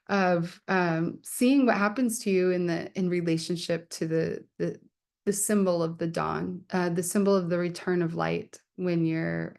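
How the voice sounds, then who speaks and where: A woman's voice: on the low side, vocal fry, a little mellow. A woman poet hosting her book launch on a video call, talking casually and candidly with lots of fillers and laughter. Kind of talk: casual chat.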